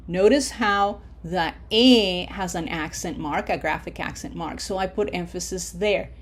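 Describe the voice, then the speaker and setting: A woman teaching a recorded language lesson, modeling words clearly for repetition and checking in with frequent "okay?" prompts. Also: fairly low pitch. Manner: slow, deliberate, checks in with "okay?". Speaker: Spanish teacher.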